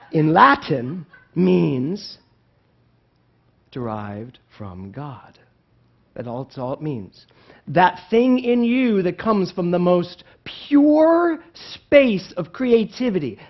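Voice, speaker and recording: A male minister preaches with a higher voice and a very lively pitch, swinging between loud bursts and quiet asides. He keeps asking the congregation questions. The sound is dull and lo-fi. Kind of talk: sermon. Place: church sanctuary.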